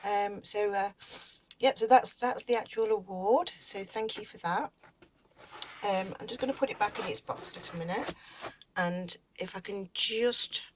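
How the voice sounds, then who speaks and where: A woman who makes crochet videos, halting and teary as she talks through an unboxing, with many ums and restarts. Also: mid-range voice, slight background noise, rough recording. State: teary and emotional. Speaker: crochet YouTuber. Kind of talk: casual unboxing vlog.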